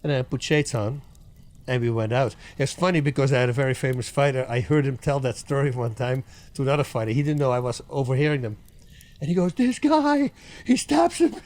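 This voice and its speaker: Animated middle-aged man telling stories. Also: mid-range voice, fast. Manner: animated storyteller, laughs often, acts out quotes. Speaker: guest, former fighter. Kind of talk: casual storytelling interview.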